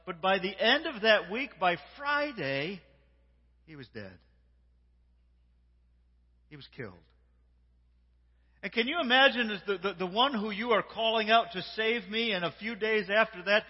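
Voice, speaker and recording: A man preaches in a large church sanctuary, his voice sitting a little high for a man. He talks warmly and repetitively, leading the room in call-and-response and swinging from hushed words to shouts. The sound is dull and carries a long hall reverb. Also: expressive, moderate pace, pauses often, husky. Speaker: guest preacher. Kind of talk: sermon.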